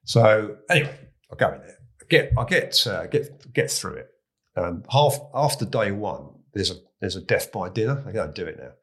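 A man in his sixties with an English accent, telling stories as a guest in a relaxed, chatty way. His voice sits a bit low, and he stumbles, restarts and chuckles at his own tales. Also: normal speed. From England. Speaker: guest, retired police chief. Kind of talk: casual anecdotal storytelling.

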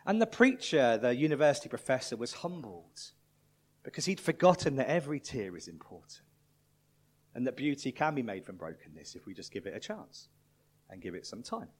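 Male preacher, lively pitch, storyteller who swings from loud to hushed. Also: brisk, husky. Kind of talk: sermon with storytelling.

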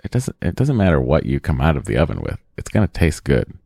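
Very deep-voiced gravelly man joking around. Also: huge pitch swings, quick pace, darkish tone, no room sound, studio quality. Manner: joking, rambling with fillers. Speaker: podcast co-host. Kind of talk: casual chat.

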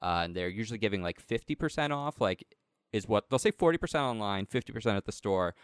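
Man, casual podcast chat, rambling with fillers, smooth resonant voice, dry sound. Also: on the low side, expressive, quick pace, dry recording. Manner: rambling, heavy use of "like" and "um".

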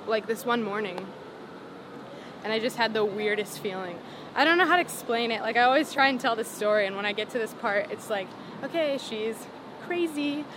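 A young woman, a singer-songwriter, telling her story in a casual interview, full of "like" and "um" and animated retellings. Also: mid-range voice, noisy background. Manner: rambling, lots of "like" and "um", animated retelling.

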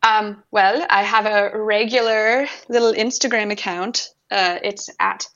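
Halting woman guest, dull lo-fi sound. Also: medium pitch, fairly even intonation, a bit bright. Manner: halting, repeats words, easygoing. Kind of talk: casual podcast chat.

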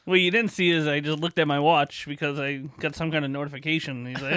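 In a podcast studio, a co-host with a fairly high voice trades casual banter, loud and quick to laugh, swearing freely as he tells everyday stories. His tone is steady and clean, and the sound is dry and close with almost no room echo.

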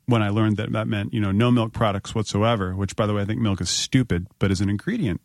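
A man's voice: fairly low pitch, steady tone, fast talker, vocal fry, dry recording, clean studio sound. A man hosting a casual chat, telling wry jokes. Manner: wry, joking.

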